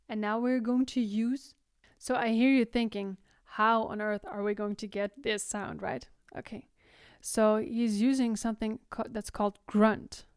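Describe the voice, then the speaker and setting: A woman teaching singing, explaining technique and breaking into loud, high vocal exercises between her explanations. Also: fairly even intonation, normal speed, smooth, no echo, studio quality. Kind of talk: vocal tutorial with sung demonstrations.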